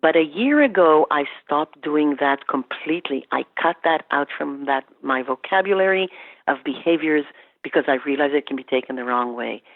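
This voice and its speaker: Woman from Canada, podcast guest, animated storyteller, gravelly edge, tinny phone-line sound. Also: low-pitched, moderate pace, no room sound. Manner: animated storytelling, quoting herself and clients. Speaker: guest expert on workplace incivility. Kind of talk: podcast interview.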